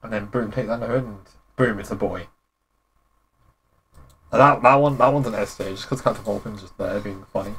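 Husky low-voiced young man. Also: fairly quick, long pauses. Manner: rambling, relaxed, slangy reactions. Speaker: gaming YouTuber. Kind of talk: casual commentary.

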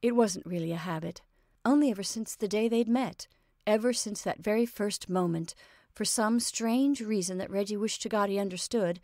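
A woman narrates a story with a steady mid-range voice, shifting her reading from lively to hushed, almost whispered. The recording is dry and close, with no room sound. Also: medium pitch, no room sound.

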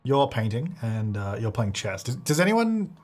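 A man's voice: medium pitch, sing-song, unhurried, noisy background. A young man giving casual, joking commentary as he plays a life-sim game and talks to its characters. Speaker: gaming YouTuber.

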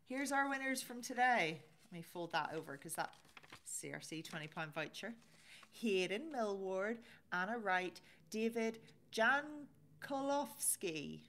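A woman's voice: a little high, sing-song, takes it slowly, a bit bright, a little hiss or hum. A woman hosting a casual live stream, chatting and reading out viewer comments. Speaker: livestream host.

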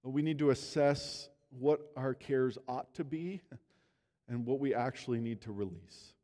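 A man preaching a sermon as pastor, telling a story earnestly, his voice swelling and then dropping low. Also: measured pace, dark tone. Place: church sanctuary. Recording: long reverb of a church hall.

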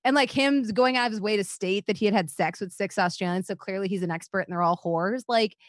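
A woman's voice: mid-range voice, fast talker, no echo, studio quality. A young woman co-hosting a podcast, telling stories in casual chat with lots of "like" and frequent swearing. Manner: animated, frequent "like" fillers, swears. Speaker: podcast co-host.

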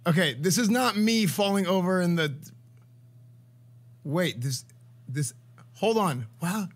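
A man's voice: high-pitched, slow pace, breathy edge. A man streamer hosting a recap, telling stories in a dramatic, punchy way. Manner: excitable, dramatic, punchy delivery. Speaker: streamer host. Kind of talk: animated recap storytelling.

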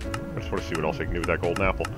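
A Canadian man hosting a let's play, giving rambling, excitable commentary as he plays. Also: low voice, rapid-fire, over loud music. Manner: rambling, excitable, talks to himself. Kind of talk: casual gameplay commentary.

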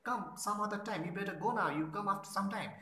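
A male teacher voicing a devil servant who shoos away a visitor to his sleeping master, slightly higher than his own voice. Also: quick pace, sharp tone, echoey room. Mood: dismissive. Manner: dismissive, shooing a visitor away.

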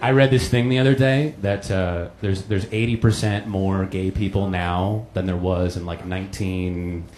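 A man's voice: low-pitched, moderate pace, hardly any pauses. A man from the United States, doing a profane, mocking stand-up comedy set in a comedy club. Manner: profane, animated, mocking delivery. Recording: crowd laughter, noisy club. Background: audience laughter.

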